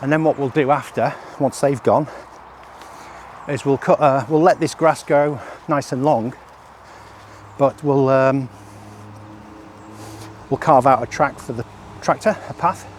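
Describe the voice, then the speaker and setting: A man's voice: medium pitch, steady tone, a little slow, pauses often, slight background noise. A man walking his rural property outdoors, talking casually and out of breath, rambling with fillers as he tests a product. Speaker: product developer presenting a range test.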